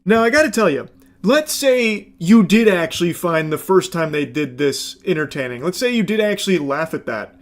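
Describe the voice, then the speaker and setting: High-pitched male commentator, sarcastic and profane, reaction video host. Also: animated, moderate pace. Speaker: commentary YouTuber.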